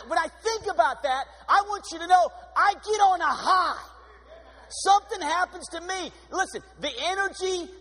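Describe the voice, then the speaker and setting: A man preaching a sermon in an energetic, exuberant way, with sudden swings in pitch. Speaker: pastor. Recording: long hall reverb.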